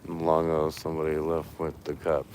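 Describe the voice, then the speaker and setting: A man's voice: a bass voice, monotone, normal speed, darkish tone, a little hiss or hum. A man vlogging outdoors on a neighborhood street at dusk, chatty and rambling, cooing at the cats he passes. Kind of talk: casual walking vlog.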